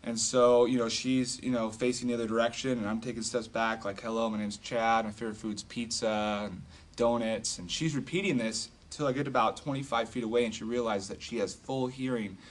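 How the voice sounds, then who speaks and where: A man casually retelling a healing story as an evangelist, animated and full of fillers. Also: mid-range voice, a little fast. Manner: animated, filler-heavy retelling with acted quotes. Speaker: street evangelist telling a testimony.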